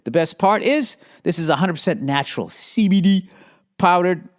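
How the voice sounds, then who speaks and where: A pompous mock-British ad reader, as a man puts him on, pitched up well above his usual voice. He reads the script in a grand, exaggerated way and keeps stumbling over it. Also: lively intonation, normal speed. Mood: mock-posh. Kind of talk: comic ad read.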